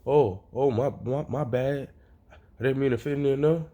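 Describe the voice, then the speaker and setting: A man's voice: low-pitched, moderate pace, vocal fry, a little mellow, muffled recording. A man voicing a nervous young male hero who is eager to train, stammering and polite.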